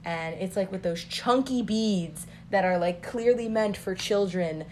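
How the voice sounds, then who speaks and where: A woman's voice: mid-range voice, measured pace, darkish tone, slight background noise. A young woman telling family stories in casual chat, rambling with many filler words.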